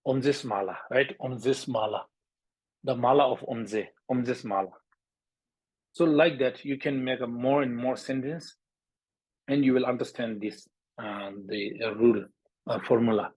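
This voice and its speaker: A husky-voiced man from Bhutan leads a language lesson in halting English, often repeating words and sounding out syllables for his students. The sound is dry and close, with no room around it. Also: mid-range voice, steady tone, a little mellow, dry recording, rough recording. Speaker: teacher.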